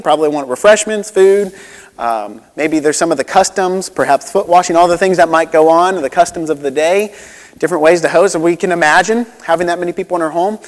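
Male pastor, casual sermon delivery, mid-high voice, long church-hall reverb. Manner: conversational, relatable, with many asides and restarts.

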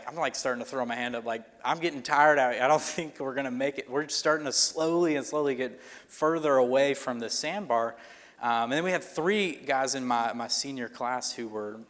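A pastor telling a personal story in a sermon, in a loose conversational way with fillers and restarts. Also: male voice, medium pitch, fairly bright tone. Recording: long reverb of a hall.

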